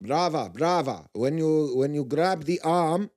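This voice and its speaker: A man's voice: fairly high pitch, lively intonation, measured pace, a little mellow, pitched above the performer's own voice. A man voicing a blunt adult jiu-jitsu coach who speaks crude, broken English. The coach sounds matter-of-fact. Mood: crude, instructive.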